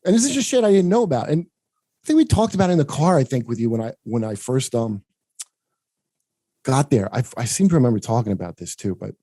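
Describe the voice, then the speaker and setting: Very animated and fast-talking, with a dark tone, this man runs a podcast of rambling, profane casual chat, frequently laughing and impersonating people by raising his voice. There's no echo in the recording.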